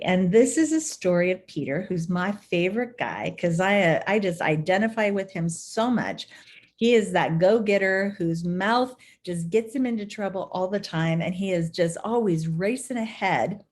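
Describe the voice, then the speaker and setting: A woman teaching a devotional Bible study who tells the scripture stories with animated, storytelling energy. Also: medium pitch.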